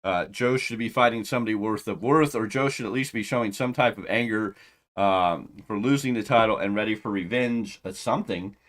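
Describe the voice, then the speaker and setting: A man reviewing a wrestling show in casual commentary, ranting with exasperation and sarcastic asides, loud one moment and muttering the next. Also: on the low side, fairly quick.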